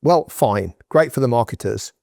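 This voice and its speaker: A man's voice: mid-range voice, expressive, moderate pace, creaky, a little mellow, no echo, clean studio sound. Emphatic man giving business advice. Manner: emphatic, direct, conversational. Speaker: guest entrepreneur. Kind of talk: podcast interview, advice.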